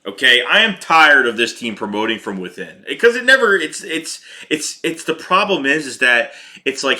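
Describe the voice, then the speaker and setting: A man with a very bright, forceful voice rants about his team, swearing freely and repeating his points. His tone stays casual and heated throughout, like a fan host talking straight to his viewers. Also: mid-range voice, sing-song, moderate pace, few pauses. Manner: heated, profane, repeats himself. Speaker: sports podcast host reading chat.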